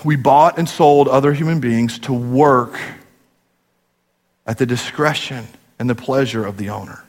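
A man preaching a sermon, telling stories animatedly and dropping low for serious points. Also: unhurried. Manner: animated storytelling, rising to emphatic peaks and dropping low for gravity. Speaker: pastor. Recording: long hall reverb.

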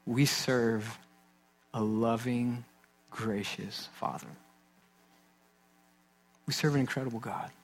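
A man in his thirties, a pastor, preaching a sermon in an earnest, conversational way, acting out little anecdotes and dropping to soft, intense emphasis. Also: mid-range voice, fairly even intonation, slow, long pauses, faint music behind.

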